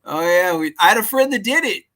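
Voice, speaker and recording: A man's voice: high-pitched, animated, brisk, pushed and bright. A man with a Californian accent chatting on a stream, rambling through goofy stories. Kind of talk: casual chat.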